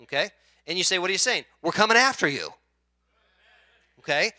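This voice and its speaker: Male pastor, sermon, high voice, very bright and sharp tone, dry sound, storytelling, jumps from murmurs to shouts. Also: expressive, a little fast, pauses often, no echo. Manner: storytelling, acts out quoted voices, swings from quiet asides to shouting.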